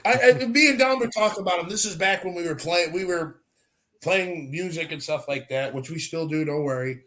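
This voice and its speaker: An American man hosting a casual podcast chat, telling loud stories full of swearing. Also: fairly high pitch, fairly quick. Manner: swears a lot, loud storytelling.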